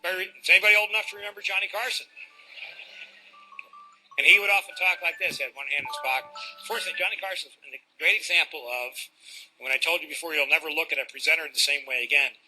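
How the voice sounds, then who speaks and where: A man coaching an audience on presenting, animated and demonstrative, asking rhetorical questions. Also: fairly high pitch, fast talker, faint music behind, low-quality recording. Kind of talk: live talk to an audience.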